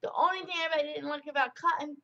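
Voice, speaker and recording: A woman's voice: high-pitched, fairly even intonation, quick pace, creaky, pushed and bright, lo-fi sound. A young woman rambling through a casual product review vlog in a chatty way, full of fillers and tangents.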